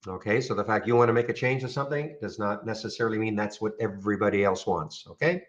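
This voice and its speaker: A man casually walking viewers through trading software on a screen share, rambling and checking in with "okay?". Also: fairly low pitch, fairly even intonation, quick pace, dull audio. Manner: rambling, frequent restarts and "okay?" check-ins.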